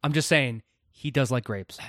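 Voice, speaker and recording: A man's voice: medium pitch, moderate pace, fairly bright tone, no room sound, clean studio sound. A man co-hosting a casual podcast chat, explaining game lore with lots of "actually" and "I'm just saying". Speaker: podcast co-host.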